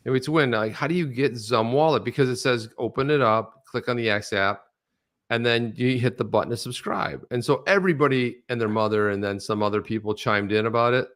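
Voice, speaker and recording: A middle-aged man co-hosting a casual chat, telling stories in a rambling, animated way with lots of restarts. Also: medium pitch, brisk. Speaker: co-host.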